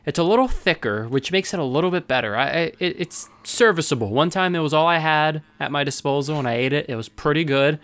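A man co-hosting a podcast, bantering in a casual, teasing and animated way. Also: a little high. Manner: animated, teasing, quick to joke. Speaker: podcast co-host.

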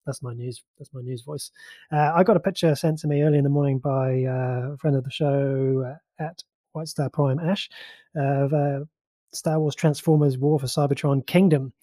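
A man's voice: mid-range voice, fairly even intonation, moderate pace, mellow, no room sound. A man co-hosting a podcast, reading pop-culture news in a chatty, rambling way with many fillers. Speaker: podcast co-host.

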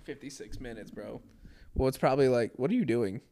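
Animated man in casual podcast chat. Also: medium pitch, fairly quick. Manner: laughs often, says "bro" and "dude" a lot, animated. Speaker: podcast host.

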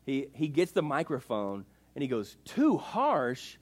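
A man's voice: medium pitch, animated, normal speed, husky. A man preaching a sermon in a casual, emphatic way, full of rhetorical questions. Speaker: pastor.

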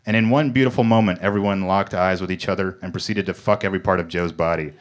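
A man reading comic fiction aloud in a mock-serious deadpan on a comedy club stage. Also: low-pitched, quick pace. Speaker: comedy reader.

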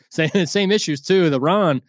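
A man's voice: sits high, no echo, studio quality. A man co-hosting a boxing podcast in casual, crude, joking banter. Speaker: podcast co-host.

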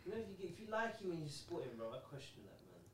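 A man co-hosting a casual podcast chat, chiming in with quick short remarks. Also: high voice, lively intonation.

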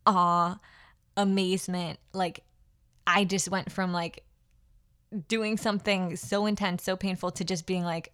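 A woman's voice: medium pitch, fairly even intonation, normal speed, a bit bright, clear, resonant tone. A young adult woman hosting her own podcast, telling a personal story in a casual, heartfelt way with many fillers and restarts. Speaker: podcast host.

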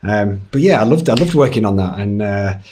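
Relaxed Northern English man in his thirties. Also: on the low side, a little fast, a little hiss or hum. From Northern England. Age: 30s. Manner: relaxed, chatty, many fillers and restarts. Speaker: actor guest. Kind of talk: casual interview chat.

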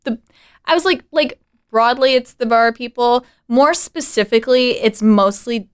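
Excitable young woman, laughing often. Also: a little high, measured pace, clear, resonant tone. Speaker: podcast co-host. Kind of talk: casual chat.

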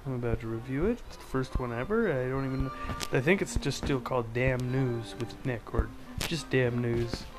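A man's voice: mid-range voice, normal speed, music in the background, low-quality recording. A man hosting a casual podcast, ranting sarcastically about news headlines with a rambling, filler-heavy delivery. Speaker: podcast host.

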